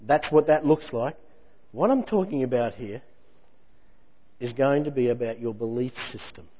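A man preaching a sermon in a lively, conversational way with jokey asides. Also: medium pitch, moderate pace, breathy edge. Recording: muffled hall recording with long reverb.

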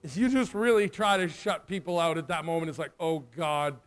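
Male preacher, high voice, emotional storyteller in a sermon. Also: fast. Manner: emotional, animated storyteller who acts out the dialogue.

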